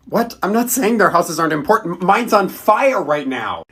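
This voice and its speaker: A man's voice: sits high, very animated, moderate pace, sharp tone, breathy edge. A man acting out a comedic phone call skit, exasperated and insistent. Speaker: skit performer.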